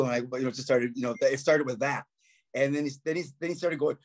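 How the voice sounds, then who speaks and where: A man's voice: medium pitch, fairly even intonation, fast talker. A man, a musician guest on a podcast, telling profane stories in casual chat and acting out quotes with laughs. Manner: profane storytelling, acts out quotes, laughs often.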